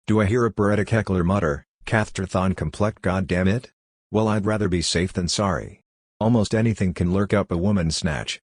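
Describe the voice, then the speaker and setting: A man giving a literary reading with an even, unhurried delivery. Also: sits low, no echo, studio quality. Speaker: reader.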